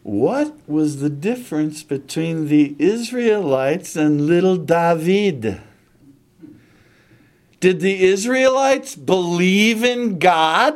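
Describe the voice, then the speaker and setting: A man's voice: high voice, expressive, slow. A man preaching a sermon, retelling a scripture story dramatically and animatedly.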